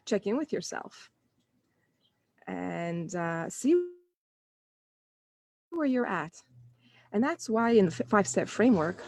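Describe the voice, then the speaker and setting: A woman, maybe in her thirties, talking earnestly and conversationally to parents in a live online session, often restarting her sentences and acting out her own inner thoughts. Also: mid-range voice. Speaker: parenting coach.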